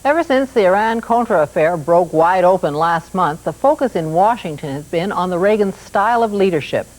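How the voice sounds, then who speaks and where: Woman news host, crisp questioning delivery, mid pitch, 1980s broadcast tape. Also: lively intonation, a little mellow, faint music behind, low-quality recording. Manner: brisk, probing questions. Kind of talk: broadcast interview and introductions.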